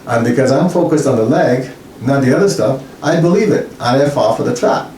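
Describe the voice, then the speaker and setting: A man explaining spiritual ideas in casual talk, animated and acting out little scenes in different voices. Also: mid-range voice, fairly quick. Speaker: spiritual teacher. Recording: roomy, distant mic, faint hiss.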